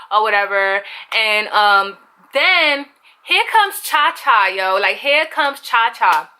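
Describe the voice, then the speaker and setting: A young woman vlogger telling an animated storytime, swearing freely and acting out quotes with a raised voice. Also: high voice, slow. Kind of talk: casual storytime.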